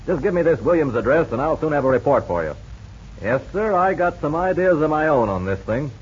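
An actor playing an eager male police captain in a 1940s radio drama, speaking briskly and respectfully. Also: fairly high pitch, very animated, husky. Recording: dull lo-fi old radio recording.

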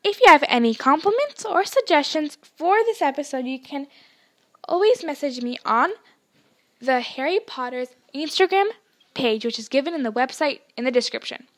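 A woman reading a novel aloud as a podcast host, in a plain, slightly halting manner with small slips. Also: high voice, expressive, fairly bright tone. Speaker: audiobook reader, podcast host.

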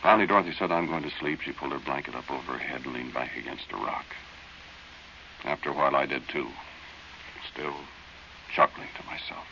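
A plain-spoken man recalls a night of fear, in a very deep voice with a gravelly edge and a bright, forceful tone. He tells it slowly and confidingly, like a 1940s radio narrator. The old recording sounds dull and hissy. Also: full character voice. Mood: hushed, reflective. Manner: slow, confiding storyteller.

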